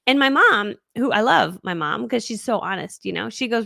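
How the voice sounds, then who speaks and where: A woman coaching a live webinar, fast-talking, bubbly and high-energy. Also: expressive, gravelly, pushed and bright, dry recording, clean studio sound. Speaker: online business coach.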